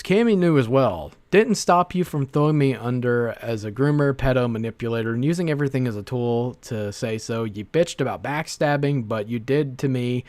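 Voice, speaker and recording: A man on a livestream reading messages aloud in a casual, profane rant with sarcastic asides. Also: mid-range voice.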